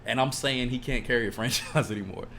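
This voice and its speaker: A man's voice: medium pitch, fast, pushed and bright, a little hiss or hum. A man co-hosting a casual podcast, ranting emotionally and swearing a lot. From California. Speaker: podcast co-host. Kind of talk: casual chat.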